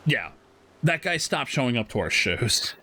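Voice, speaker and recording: While streaming a game, a man tells a casual story full of laughter and swearing, his mid-range voice sounding pushed and bright.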